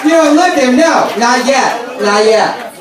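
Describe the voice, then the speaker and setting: A man from the Bronx, doing a loud, brash stand-up set on a handheld microphone at a brewery. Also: very high voice, slow. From the Bronx, New York. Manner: loud, brash, animated storytelling to a crowd. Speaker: stand-up comedian. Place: brewery stage with a live audience. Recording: echoey room recorded from far off.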